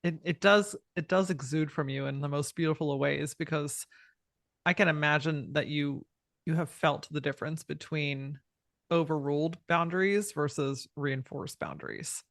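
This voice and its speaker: A woman's voice: low voice, fairly even intonation, moderate pace, creaky, dry recording, studio quality. A woman hosting a podcast interview, asking her guest questions in an encouraging way. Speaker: podcast host.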